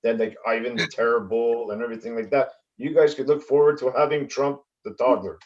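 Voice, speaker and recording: A man from Canada doing a stand-up comedy set over a video call, with a halting delivery full of fillers. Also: mid-range voice, flat delivery, lo-fi sound.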